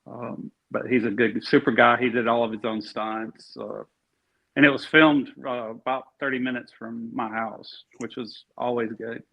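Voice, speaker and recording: An Alabama man, guesting as an actor in a casual interview, speaks at medium pitch with a flat, gravelly voice at normal speed. He talks easily and rambles, full of fillers and restarts. The recording has a dull lo-fi sound.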